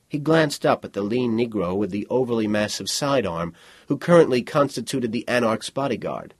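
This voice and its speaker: A man narrating a novel as an audiobook, with an expressive delivery. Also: mid-range voice, normal speed, slightly rough, no echo. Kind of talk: scripted narration.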